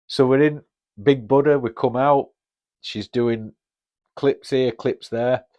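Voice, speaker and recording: A man's voice: medium pitch, steady tone, takes it slowly, highs cut off. A man in his fifties with a Northern English accent, telling a casual story on his podcast in a chatty, blunt way and swearing freely. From Northern England. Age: 50s. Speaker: podcast host.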